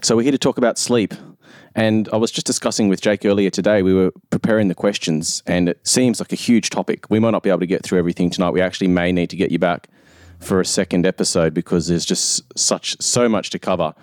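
Very deep-voiced chatty male host. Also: fairly even intonation, fast talker, darkish tone, no echo, studio quality. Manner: chatty, rambling lead-ins. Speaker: podcast host. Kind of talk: casual interview chat.

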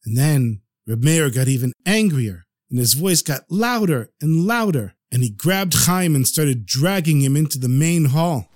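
Man, storyteller, podcast, lively expressive pitch, slightly high voice, dry close recording. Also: a little slow, few pauses, no room sound. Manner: animated, expressive narration.

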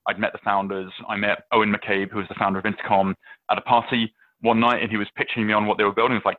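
A man's voice: on the low side, level tone, quick pace, no room sound. A British man, a venture capitalist, chatting through his early investing stories with plenty of fillers and restarts. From England. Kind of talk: casual interview answers. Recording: dry, tinny phone-like line.

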